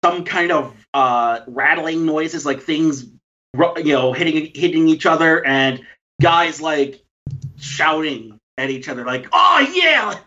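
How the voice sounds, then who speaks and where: Hesitant game master, lo-fi audio. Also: male voice, fairly high pitch, a bit bright. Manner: halting, full of fillers and restarts. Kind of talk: narrating a tabletop game.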